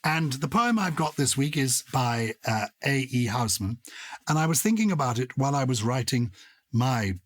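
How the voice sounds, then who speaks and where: A husky-voiced English man co-hosts a podcast, full of theatrical enthusiasm. The sound is dry and close, with no room around it, and his voice sits at an ordinary male pitch. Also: expressive, normal speed, dry recording. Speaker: podcast co-host. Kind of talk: casual chat.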